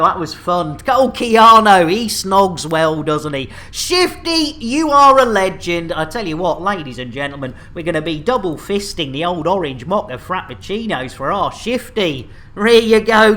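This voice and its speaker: Woman streamer, cheeky banter, mid pitch, playful host energy. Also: fairly bright tone. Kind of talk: lively live-stream chat.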